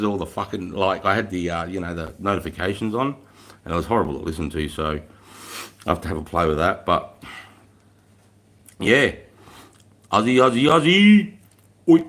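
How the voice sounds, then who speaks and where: Speaking from a room at home with a fire going, this Australian man greets viewers on a casual live stream. His pitch is fairly low and a bit bright, and he rambles easily, laughing a lot and swearing without restraint.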